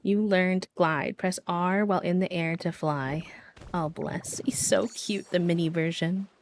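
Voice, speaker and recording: A woman's voice: lowish voice, fairly even intonation, measured pace, faint music behind. A woman streaming a game live, chatting casually and laughing often as she plays.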